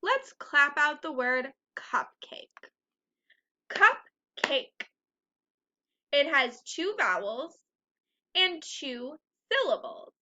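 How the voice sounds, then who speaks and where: A woman teaching a first grade phonics lesson, speaking slowly and clearly and clapping out the syllables of words. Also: high-pitched, lively intonation, sharp tone.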